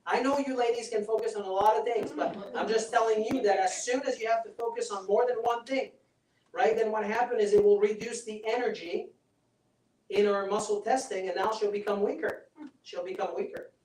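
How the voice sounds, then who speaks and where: A man's voice: high-pitched, fairly even intonation, a little fast, darkish tone, a little hiss or hum. A man giving a live health seminar, persuasive and chatty, often checking in with the audience. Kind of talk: live seminar talk with demonstration. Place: seminar room. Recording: roomy sound from a distant mic.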